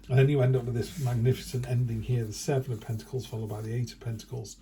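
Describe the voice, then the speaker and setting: A man's voice: mid-range voice, flat delivery, fast talker, few pauses, warm tone, a little hiss or hum. A man giving a chatty, rambling tarot reading indoors, often breaking into playful quoted asides. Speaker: tarot reader. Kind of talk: casual tarot reading monologue.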